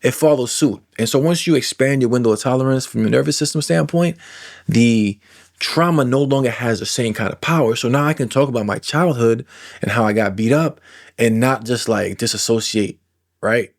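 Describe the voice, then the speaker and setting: Animated man in his forties, mid-pitched. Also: gravelly. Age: 40s. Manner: animated, acts out inner voices and imagined replies, drawn-out emphasis. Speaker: coach working with trauma clients. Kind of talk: casual self-help monologue to camera.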